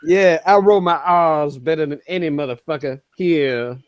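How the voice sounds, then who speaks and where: A man in casual voice chat, playful and teasing, sometimes dropping into a deep put-on voice. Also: normal speed, clear, resonant tone, dry recording, muffled recording. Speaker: chat room participant.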